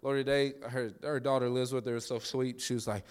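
A man preaching a sermon in a conversational way, with quick restarts and call-and-response to the congregation. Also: mid-range voice, flat delivery, smooth. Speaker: pastor.

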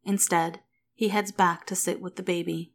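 A woman reading a story aloud in a calm, steady narrator's voice. Her pitch sits slightly low and her delivery stays even and unhurried. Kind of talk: reading fan fiction aloud.

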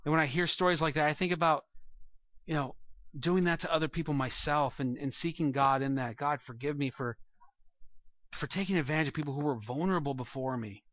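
A man preaches a sermon to his congregation, his bright, slightly high voice earnest and climbing to emphatic peaks. The sound is close and dry, with a slightly dull, muffled tone. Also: brisk, no room sound. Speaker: pastor. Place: church room with a congregation.

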